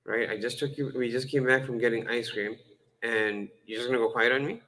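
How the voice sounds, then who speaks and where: A man's voice: medium pitch, fairly even intonation, a little fast, sharp tone, lightly acted. A man playing a frustrated husband who demands that his silent wife explain herself. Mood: pleading. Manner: pleading then insistent and exasperated.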